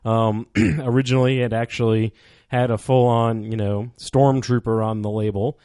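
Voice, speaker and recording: Male co-host, easygoing and halting, lots of ums, dry mic. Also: medium pitch, steady tone, mellow, no echo. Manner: rambling, hesitant with many fillers. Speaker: podcast co-host. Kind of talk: casual podcast chat.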